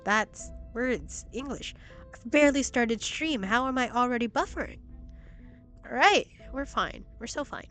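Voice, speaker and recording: A young woman streaming a video game who gushes excitably, swears freely, and reads the game text aloud. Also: on the high side, unhurried, soft background music. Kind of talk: casual gameplay commentary. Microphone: laptop stream mic.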